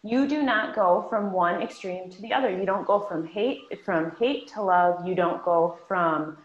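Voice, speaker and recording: Slow-talking woman, roomy lo-fi sound. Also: fairly low pitch. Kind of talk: casual chat.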